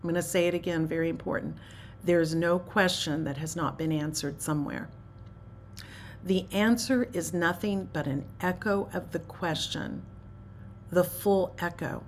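A woman giving an unhurried, meditative spiritual talk, musing aloud and often dropping to a hushed near-whisper. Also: on the low side, a little hiss or hum. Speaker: spiritual teacher.

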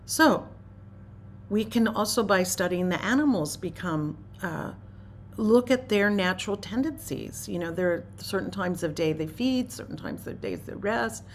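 A woman giving an unhurried, meditative spiritual talk, musing aloud and often dropping to a hushed near-whisper. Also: mid-range voice, animated, slight background noise. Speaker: spiritual teacher.

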